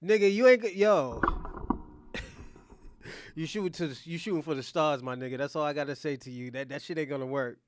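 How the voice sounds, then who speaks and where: A man's voice: medium pitch, steady tone, fast talker, hardly any pauses, slight background noise. A man streaming his reaction to a talk show, laughing often and talking bluntly and crudely. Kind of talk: casual reaction commentary.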